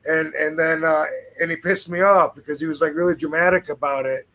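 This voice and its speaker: A man's voice: a little high, fairly even intonation, fairly quick, fairly bright tone, a little hiss or hum. A man hosting a podcast, telling a story in a laid-back, casual way, swearing freely and laughing now and then. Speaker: podcast host.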